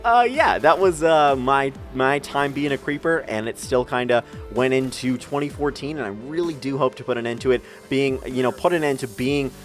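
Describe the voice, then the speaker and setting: Fast-talking young man rambling a storytime. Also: mid-range voice. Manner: rambling, self-mocking, swears freely. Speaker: gaming channel storyteller. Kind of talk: storytime commentary over gameplay.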